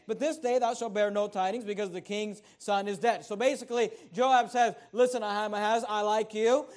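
A man preaching a sermon as pastor, emphatic, swelling louder at key points and repeating words for stress. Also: sits high.

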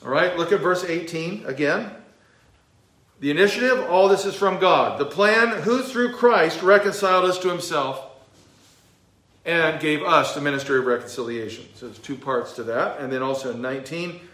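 Man, pastor, expository sermon, slightly high voice, roomy church echo. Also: normal speed, fairly bright tone. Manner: teaching verse by verse, emphatic, with fillers.

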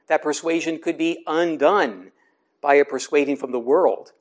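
Guy giving a sermon, steady explaining tone, drags out the scripture lines for emphasis. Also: fairly high pitch. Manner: measured, explanatory, slows to stress scripture. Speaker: preacher. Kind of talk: sermon teaching.

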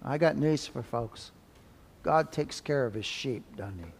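A pastor preaching a dramatic sermon, swinging between loud exclamations and soft asides. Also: male voice, mid-range voice, lively intonation, unhurried, gravelly, a little hiss or hum. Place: church sanctuary. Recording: long church reverb.

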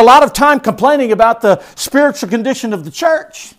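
High-voiced male pastor preaching emphatically. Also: animated, fairly quick. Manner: emphatic, swings between loud declaration and hushed stress; repetitive preaching cadence. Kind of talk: sermon.

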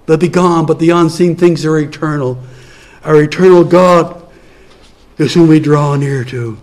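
Earnest male preacher, slightly high voice. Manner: earnest, repetitive emphasis, swings between soft low passages and louder raised lines; stretches key phrases slowly. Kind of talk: sermon.

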